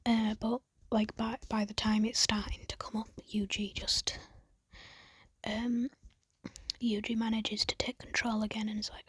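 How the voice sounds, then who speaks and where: A woman casually retelling a fan story in a husky voice, rambling with many fillers and mostly whispering. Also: a little high, little pitch movement, measured pace, fairly bright tone, dry recording.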